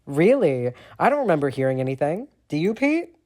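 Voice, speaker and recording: A man's voice: on the high side, big pitch swings, brisk, a little mellow, voice pushed up. A man voicing an angry teenage boy wizard who swears in heated outbursts.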